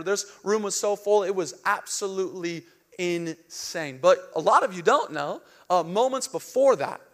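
Animated high-voiced young male pastor. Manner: animated storytelling, acting out panic with loud outbursts; drops to a soft hushed tone for reflective lines. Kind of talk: sermon.

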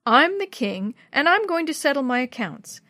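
A woman's voice: sits high, sing-song, moderate pace, bright, forceful tone, dry recording, clean studio sound, pitched above the performer's own voice, exaggerated voice. A woman voicing a young boy who reads a king's lines in a mock-pompous way. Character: young boy playing a king.

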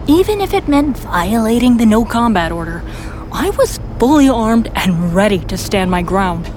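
A woman narrating a first-person fan audio drama in a steady storytelling manner. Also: mid-range voice, noisy background.

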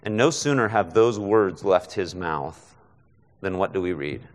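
In a big-room setting, a guest preacher with a low, expressive voice delivers an unhurried, conversational expository sermon. He regularly checks in with the audience by asking "right?".

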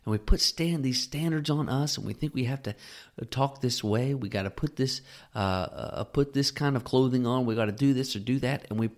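A man's voice: medium pitch, normal speed, a little mellow. A man hosting a Christian podcast, teaching in a casual, conversational way with rhetorical questions and self-corrections. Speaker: podcast host.

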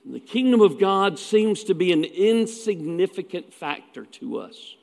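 A man's voice: high-pitched, animated, a little slow, creaky, a little mellow, big-room sound. A man preaching a sermon as pastor, telling stories in a folksy way with asides.

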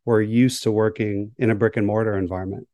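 A man's voice: fairly low pitch, steady tone, fairly quick, mellow, no room sound. A man, a workplace psychologist, answering interview questions in a thoughtful, hedging way. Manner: thoughtful, hedging with "right?" and "kind of".

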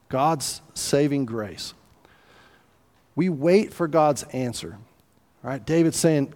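A man's voice: a little high, a little mellow, in a large hall. A man preaching a sermon in a conversational, folksy way, with asides and restarts. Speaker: pastor.

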